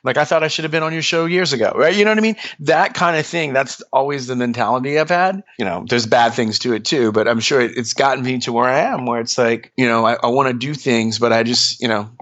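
A man talks as an interview guest in an easy, animated way. He tells stories full of fillers, and his pitch leaps up often. The recording sounds a little dull. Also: fairly quick, hardly any pauses. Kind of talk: casual storytelling.

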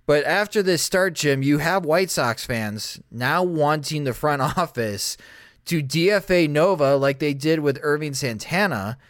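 A man hosting a casual sports talk show, running through stats briskly and turning questions to his co-host. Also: a little high, expressive, no room sound, clean studio sound. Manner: brisk, stat-heavy, addresses co-host. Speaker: podcast host.

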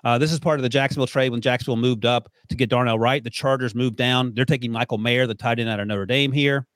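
A man hosts a sports podcast at an even middle pitch, chatty and quick to laugh at himself. His voice sits close and dry on the mic, with no room sound at all. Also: no room sound. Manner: joking and laughing, walks through picks. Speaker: podcast host and draft analyst. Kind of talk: casual sports podcast chat.

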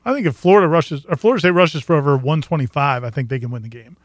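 A man's voice: on the high side, rapid-fire, dry recording, clean studio sound. A man co-hosting a casual sports talk radio show, breaking down the game in a matter-of-fact way. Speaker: sports radio co-host and analyst.

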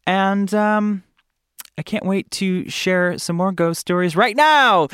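A man's voice: animated, takes it slowly, over music. Campy chatty man hosting a podcast. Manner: campy, chatty, with sudden high squeals. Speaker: podcast host. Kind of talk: casual podcast monologue.

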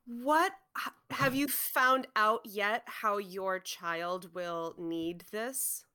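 Slow-spoken woman asking questions. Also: medium pitch, pushed and bright, clear, resonant tone. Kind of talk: casual interview questions.

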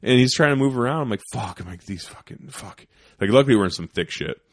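A man hosting a podcast, telling a hunting story in casual chat, profane and animated, dropping into whispers for quoted lines. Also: mid-range voice, very fast, dry recording, studio quality. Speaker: podcast host.

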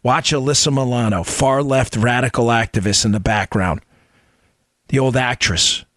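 A man's voice: medium pitch, normal speed, fairly bright tone, no echo, clean studio sound. Impassioned middle-aged male podcast host. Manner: impassioned, emphatic, fires rhetorical questions. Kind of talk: political commentary monologue.

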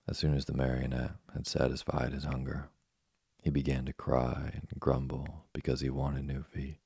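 A man reading a storybook aloud as narrator, with a gravelly, husky voice and a steady delivery. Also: extremely low pitch, moderate pace, no room sound. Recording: dry close studio sound.

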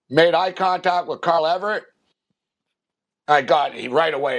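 A man's voice: fairly high pitch, moderate pace, long pauses. A man telling a long, rambling anecdote on a sports podcast, full of fillers and acted-out quotes. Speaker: podcast co-host. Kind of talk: casual storytelling.

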